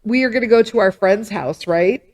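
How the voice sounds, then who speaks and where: A woman's voice: mid-range voice, moderate pace. A middle-aged woman hosting a podcast, chatting casually and teasing with a laugh. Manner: warm, laughing, motherly teasing. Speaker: podcast host. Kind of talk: casual chat.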